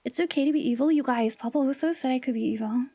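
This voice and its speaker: A woman livestreamer chats casually with her viewers in a high, fast, creaky voice with a warm tone and no echo. She is playful and teasing, now and then dropping into whispered asides.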